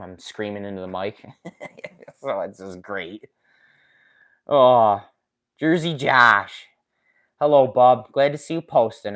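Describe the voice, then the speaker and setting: A man hosts a casual live stream, talking straight to his viewers. He reads their comments out loud and laughs often. He speaks into a desk microphone with his injured hand in a splint. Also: on the low side, clear, resonant tone. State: recovering from a finger injury, in a splint. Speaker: woodworking channel host.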